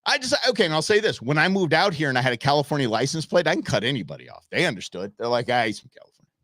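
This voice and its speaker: A middle-aged man hosts a live show in a loose, opinionated rant, answering his chat as he goes. His voice swings widely in pitch, and the sound is close and dry. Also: very animated, very fast, fairly bright tone, no room sound. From Los Angeles area. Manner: opinionated, ranting, talks back to chat. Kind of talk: casual live-stream chat.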